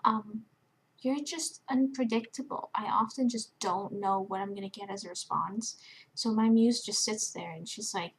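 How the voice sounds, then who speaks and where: A woman's voice: medium pitch, normal speed, slightly rough, rough recording. A young woman rambling affectionately to friends in a casual vlog, gushing and interrupting herself with many fillers. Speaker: vlogger giving shout-outs to roleplay friends. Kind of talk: casual rambling chat to camera.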